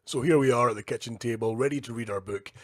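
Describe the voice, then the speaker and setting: Easygoing Scottish Highland dad reading aloud. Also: male voice, fast talker. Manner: easygoing, jokey, chatty asides. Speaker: host reading a children's book. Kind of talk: casual storytime reading. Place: kitchen at home, indoors.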